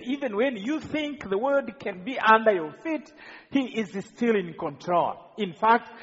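A high, husky male voice from Rwanda preaches his testimony earnestly, tripping over repeated words. It is captured in a big church hall with a long, ringing reverb and a muffled, dull sound. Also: a bit bright. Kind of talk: sermon testimony to a congregation.

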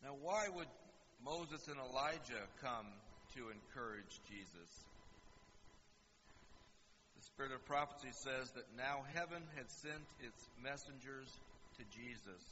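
A man preaching a sermon and explaining scripture, acting out quoted lines with animated asides. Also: medium pitch, a little slow, a little hiss or hum. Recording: dull lo-fi sound in a reverberant hall.

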